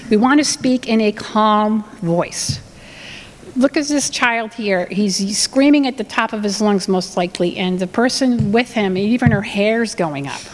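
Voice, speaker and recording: Speaking unhurriedly in a large hall, a woman with a mid-range voice gives a conversational talk about family communication. She illustrates it by acting out lines from parents and children, and the audio is poor.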